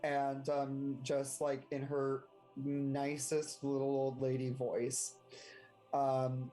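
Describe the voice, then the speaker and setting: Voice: medium pitch, completely flat delivery, slow pace, dark tone, soft background music, low-quality recording. A player describing actions in a tabletop game, hesitant with many fillers. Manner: hesitant, lots of ums. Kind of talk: casual tabletop play.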